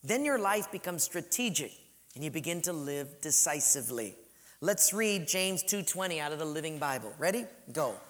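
A man preaching a sermon, emphatic, swinging from loud to soft and slowing down to stress points. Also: on the high side, very animated. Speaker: pastor.

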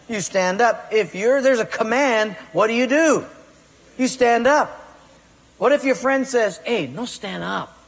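A man preaching a sermon, emphatic, firing rhetorical questions at his congregation. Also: sits high. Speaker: pastor. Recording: long reverb of a large hall.

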